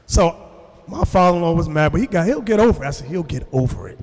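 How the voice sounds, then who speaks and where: A man's voice: a little high, fast talker. A man preaching a sermon to a congregation, telling stories and acting out the voices of the people in them. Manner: animated storytelling, acts out voices. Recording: long hall reverb.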